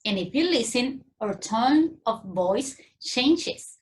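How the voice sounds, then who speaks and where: A woman with a Mexican accent teaching a grammar lesson to young children, in a clear, sing-song teacherly way. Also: a little high, lively intonation, takes it slowly.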